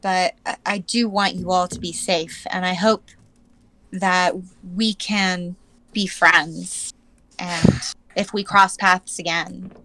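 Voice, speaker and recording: Slow-speaking woman playing a tabletop game. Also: fairly low pitch, steady tone, pushed and bright, dry recording, poor audio. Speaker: player.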